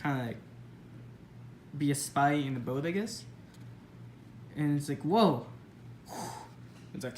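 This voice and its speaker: A woman's voice: sits low, darkish tone, a little hiss or hum. A woman casually rambling over her old story, mocking herself with lots of fillers. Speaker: vlogger.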